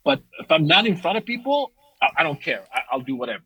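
Husky-voiced middle-aged guy, martial arts teacher, chatty and animated, lots of stop-and-start. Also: quick pace, dry recording, low-quality recording. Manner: animated storyteller, restarts often, rises in pitch for emphasis. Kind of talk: casual conversation.

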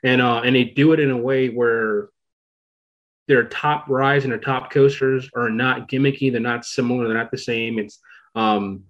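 Man, podcast host, casual chat, rambling, excitable, mid-pitched voice, muffled lo-fi audio. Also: normal speed. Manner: rambling, excitable, many fillers.

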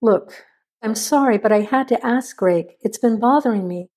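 A woman's voice: fairly high pitch, moderate pace, darkish tone, close to an everyday voice. A woman doing an anxious, pleading young woman. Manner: pleading and defensive.

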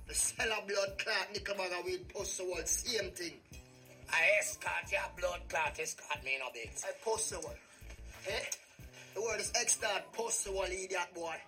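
A man's voice: high-pitched, normal speed. An actor playing a brash male Jamaican gangster in a film, talking in thick patois. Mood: scornful. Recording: film clip, distant mic, loud music.

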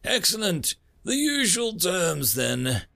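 A man voicing an arrogant alien leader who talks with mocking contempt, pitched well above his own voice. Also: very animated, takes it slowly, gravelly, bright, forceful tone, exaggerated voice. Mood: scornful.

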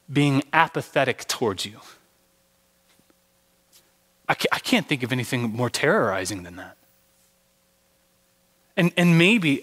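Male pastor, sermon, earnest storytelling, fairly high voice, long hall reverb. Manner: earnest storytelling with dramatic drops to a hush; repeats words when starting sentences.

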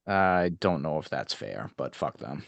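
A man co-hosting a podcast with a very low voice and a dry, deadpan way of joking. He chats casually and stays calm. The sound is close and dry. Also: a little slow, gravelly, dry recording. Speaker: podcast co-host. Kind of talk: casual chat.

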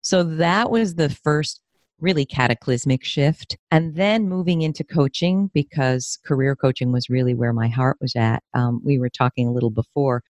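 A woman's voice: normal speed, no room sound. A woman in her fifties from New York State, a therapist and career coach, talking candidly and with feeling in an interview. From New York State, USA. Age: 50s. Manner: emotional, expressive, pitch rises when moved.

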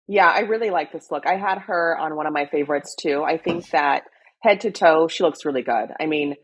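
Low husky young woman, excitable. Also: a little fast. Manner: animated, excitable, squeals on names. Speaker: co-host. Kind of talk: casual fashion chat.

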